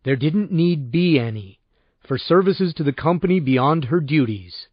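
A man reading an audiobook and voicing a cool, calculating lawyer who speaks in a measured, lawyerly way, on a dull lo-fi recording. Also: a little high, lively intonation, husky, no room sound. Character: cool, calculating male lawyer, practical and controlled.

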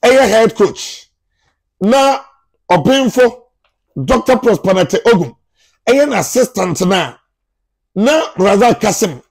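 A man with a Ghanaian accent hosting his own sports news channel. He gives football transfer updates in a chatty, animated way and talks to his viewers as if they were family. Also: high-pitched, takes it slowly, creaky, pauses often. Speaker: sports journalist, YouTube channel host.

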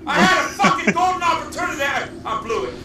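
A man shrieking high and wild as he curses at a shooter game, his voice leaping all over the place. It comes from far off in an echoey room, buried in loud noise. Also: expressive, fast talker. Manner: furious, cursing, shouting at the game. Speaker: gamer in a rage clip. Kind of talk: screaming game commentary. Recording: echoey, distant, loud noisy capture.

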